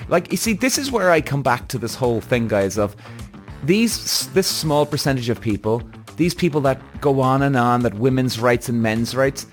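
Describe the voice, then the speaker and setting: A man hosting his own podcast, ranting bluntly and heatedly, swearing often and correcting himself as he goes. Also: on the high side. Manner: restless, self-correcting. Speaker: podcast host. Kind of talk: solo podcast rant.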